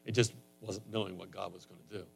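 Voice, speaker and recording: A man preaching a sermon in a conversational way, his voice rising higher and louder on emphatic lines. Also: fairly even intonation, fast talker, gravelly, husky. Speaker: pastor.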